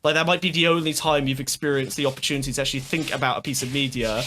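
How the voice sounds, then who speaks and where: A man's voice: mid-range voice, steady tone, racing, pushed and bright, a little hiss or hum. A man co-hosting a casual commentary chat, sarcastic, profane and rambling. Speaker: co-host.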